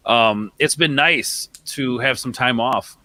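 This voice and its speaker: A man in his thirties chatting on a podcast with a bright, forceful tone and a dry, close sound. He rambles loosely, piling up fillers and tossing in man and bro as he goes. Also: mid-range voice, slow pace, no echo, rough recording. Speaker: podcast co-host. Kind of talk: casual podcast chat.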